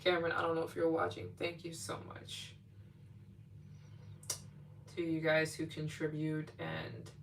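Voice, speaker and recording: A woman's voice: sits low, monotone, unhurried, vocal fry, pauses often. A woman hosting a late-night livestream in a casual, chatty way, gushing with emotional thanks to her viewers. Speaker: livestream host. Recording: distant mic with faint hum.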